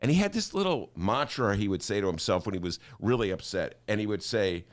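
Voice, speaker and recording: A man's voice: fairly low pitch, expressive, brisk. An older man from Chicago hosting a talk show, ranting theatrically and laughing as he talks. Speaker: host.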